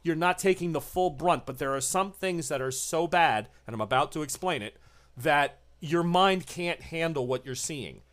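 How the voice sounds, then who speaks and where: A game master slowly narrating a horror tabletop game with deliberate, ominous description. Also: medium pitch, fairly bright tone.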